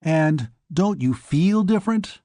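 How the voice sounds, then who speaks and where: A man reading as a gentle, insistent man. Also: on the high side, lively intonation, takes it slowly, dry recording, clean studio sound. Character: gentle, patient man coaxing a friend. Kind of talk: audiobook character voice.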